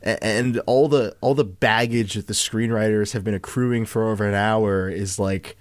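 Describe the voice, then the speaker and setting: A man with a lowish voice co-hosts a podcast, talking through a film in a casual chat at normal speed and a steady tone. He rambles, with plenty of fillers and restarts, on a dry recording.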